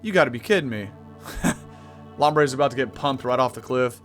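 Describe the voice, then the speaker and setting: Guy doing a laid-back game commentary, slangy, laughs a lot, soft game music in the back. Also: medium pitch, expressive, moderate pace. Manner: jokey, laughs often, slangy. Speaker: gameplay commentator. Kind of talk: casual let's-play commentary. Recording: faint game music behind.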